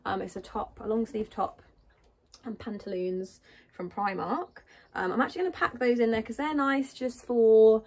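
A British woman vlogs casually while packing, rambling and thinking out loud. Her voice is on the high side with a darkish tone, fairly even intonation, and a normal pace.

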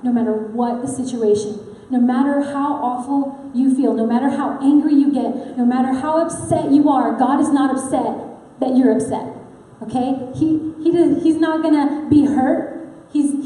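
A woman's voice: high-pitched, moderate pace, hardly any pauses, mellow. A woman preaching an earnest, personal sermon in a church sanctuary, talking conversationally with frequent fillers. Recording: echoey hall with long reverb.

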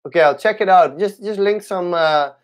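A young man, a capoeira teacher, chatting casually on a livestream, halting and restarting his sentences often. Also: sits high. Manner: halting, with many restarts and fillers. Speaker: capoeira instructor.

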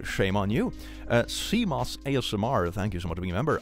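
A man's voice: sits low, quick pace, faint music behind. A young man from Sweden, chatting casually on a livestream, reading out viewer messages and thanking supporters. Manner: animated, thanks viewers and reads chat aloud.

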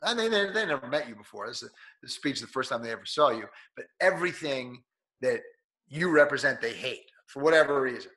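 A man being interviewed as a speaking coach, talking in an energetic, coaching way. His voice is a little nasal from being sick. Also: mid-range voice, a little fast. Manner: energetic, coaching delivery that acts out quotes. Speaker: guest, speaking coach and author. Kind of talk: conversational interview.

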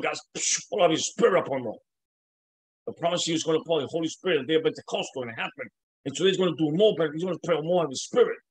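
An impassioned male preacher with a voice pitched a little above most men's. He preaches in loose, repeating bursts, stumbles over his words, and slips in casual slang. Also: breathy edge, poor audio. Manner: casual slang like "man" and "bro". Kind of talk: sermon.

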